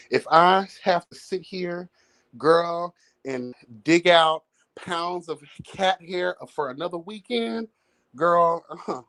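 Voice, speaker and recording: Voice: mid-range voice, a bit bright. A livestream host talking casually at home, sassy and chatty, calling listeners girl and honey. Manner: breaks into bits of song and laughs. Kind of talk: casual gossip commentary. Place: home, with cats.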